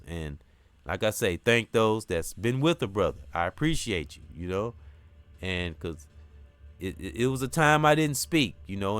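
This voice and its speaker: A middle-aged man hosts a casual talk on his spiritual channel, his fairly low voice fairly bright and smooth, with no room sound. He speaks earnestly in a repetitive, preacher-like rhythm.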